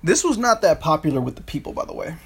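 A podcast co-host chats casually about history, rambling with frequent restarts and swearing. His slightly high voice is very animated and quick, with a breathy edge.

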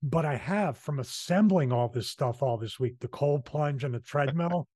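A man's voice: on the high side, moderate pace, a little mellow, no echo. Philly-accented male podcast host, loose rambling delivery, dry close mic. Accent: Philadelphia. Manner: chatty, rambling, restarts his sentences. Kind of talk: casual podcast chat.

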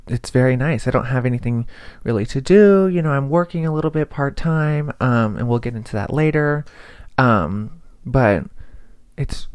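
A man's voice: medium pitch, no room sound. Young man rambling through a chatty podcast. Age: young adult. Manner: rambling, chatty and self-deprecating. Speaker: podcast host. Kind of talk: casual solo podcast chat.

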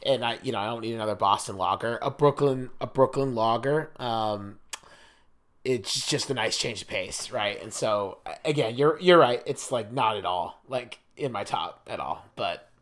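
This podcast co-host, a young New Jersey man, has a medium-pitched, fairly bright voice and a moderate pace. His casual talk wanders, packed with filler words and false starts.

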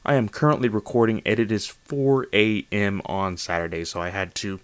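A man's voice: on the low side, fairly even intonation, normal speed, clear, resonant tone, no room sound. A man hosting a casual solo manga review podcast late at night, tired and slightly slurring, rambling with lots of fillers and restarts. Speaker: podcast host.

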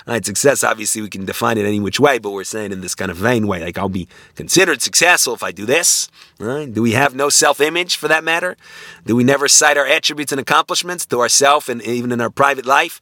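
A man lectures on ethics in a loose, conversational way, often stopping to check in with his listeners. His voice is bright and forward. The sound is close and dry, with no room around it. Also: mid-range voice, brisk, dry recording. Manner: conversational, many restarts, frequent "right?" tag questions.

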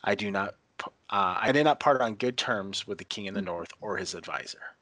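A man's voice: lowish voice, a little fast, bright, forceful tone, dry recording. A man reading the solemn, cryptic lines of a priestess.

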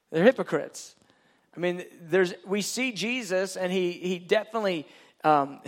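A man delivers a sermon in a notably high voice. He speaks earnestly and plainly, like a pastor talking with his congregation. He often trips over and restarts his sentences. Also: a bit bright. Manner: earnest, conversational preaching with restarts.

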